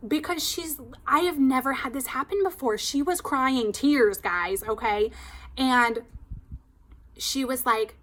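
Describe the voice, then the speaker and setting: Woman hairstylist, higher voice, chatty and animated, casual storytelling. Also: slow. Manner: chatty, animated, heavy use of "like".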